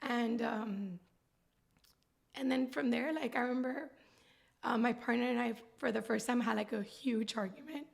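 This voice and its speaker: A woman in her thirties talks candidly as an interview guest. She rambles in a heartfelt way with a gravelly, fry-laden voice pitched a bit high. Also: normal speed. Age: 30s. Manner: heartfelt, rambling, with frequent laughs. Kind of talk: candid personal interview talk.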